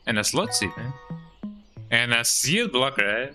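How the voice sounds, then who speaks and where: Man, game streamer, playful joking delivery, mid-pitched, game music behind. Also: expressive, measured pace, rough recording. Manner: playful, reads game dialogue aloud, tags lines with "eh?". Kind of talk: casual gameplay commentary.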